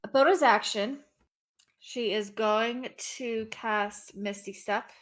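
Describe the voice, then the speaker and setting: A woman's voice: a little high, takes it slowly. A woman playing a tabletop role-playing game, hesitant and full of "um"s. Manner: apologetic, hesitant, many fillers. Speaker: player.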